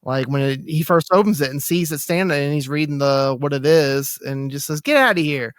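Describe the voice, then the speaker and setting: A man's voice: a little high, steady tone, brisk, no room sound, clean studio sound. A man co-hosting a podcast, rambling casually with lots of fillers and restarts. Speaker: podcast co-host. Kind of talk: casual chat.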